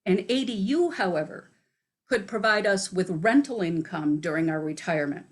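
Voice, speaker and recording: A woman from city staff giving a prepared presentation, steady and read from notes. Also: lowish voice, moderate pace. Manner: steady, reads from prepared remarks.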